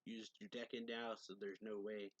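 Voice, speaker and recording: A man's voice: lowish voice, flat delivery, normal speed, dry recording, muffled recording, close to an everyday voice. A man reading as a stubborn loyal grimoire girl. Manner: plain read. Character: loyal female grimoire, calm but stubborn.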